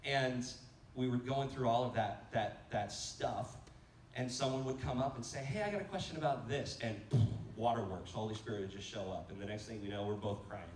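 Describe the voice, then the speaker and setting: A man preaching at a church conference, telling personal stories with lively quoted voices and laughing asides. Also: on the low side, moderate pace. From United States. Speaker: pastor. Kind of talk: conference sermon. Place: church sanctuary. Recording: echoey church hall from far off, faint noise.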